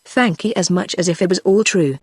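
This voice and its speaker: A text-to-speech voice reading the lines of a humble, plain-spoken male frontier hunter in a storybook, in an even synthetic delivery. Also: medium pitch, fairly quick, breathy edge, no echo, close to an everyday voice.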